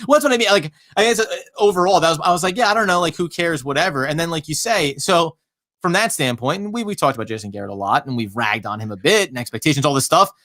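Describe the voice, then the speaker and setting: A man co-hosting a sports podcast in casual chat, animated and laughing as he acts out quotes. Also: on the high side, quick pace. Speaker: podcast co-host.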